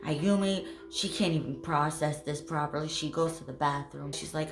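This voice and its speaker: Woman host, casual horror storytelling, chatty, low-pitched, echoey room, faint music. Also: a little slow, few pauses. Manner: chatty, animated, many fillers and asides. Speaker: channel host retelling a horror manga.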